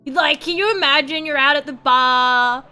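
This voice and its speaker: A woman's voice: high voice, normal speed, sharp tone. A young Australian woman streamer rambling through casual, profane, self-mocking chat while she draws. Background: faint background music.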